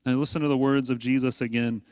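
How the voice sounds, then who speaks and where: This male pastor talks fast in a mid-range, steady voice that is darkish, clear and resonant, with no room sound. He addresses his congregation in a conversational sermon, asking rhetorical questions and hammering key points.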